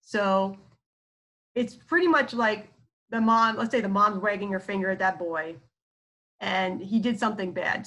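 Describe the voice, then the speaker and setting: A woman's voice: mid-range voice, a bit bright. A woman psychologist giving a casual lecture on therapy skills, chatty, with lots of fillers and acted-out quotes. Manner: chatty, many fillers and asides, acts out quoted speech.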